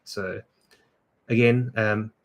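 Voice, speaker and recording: A man hosting a casual livestream chat, talking in a relaxed, conversational way that often trails off. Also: lowish voice, extremely slow, vocal fry. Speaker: podcast host and creative director.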